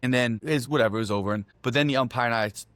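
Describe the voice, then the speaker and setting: A man's voice: medium pitch, very fast, fairly bright tone, dry recording. A middle-aged man co-hosting a podcast in casual chat, telling stories with lots of swearing and acting out his own quotes. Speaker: podcast co-host.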